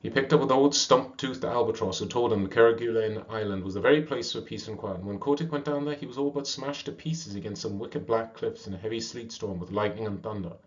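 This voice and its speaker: A man reading a classic animal story aloud at a steady pace, with small slips and restarts. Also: lowish voice, brisk, few pauses. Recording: dull lo-fi recording.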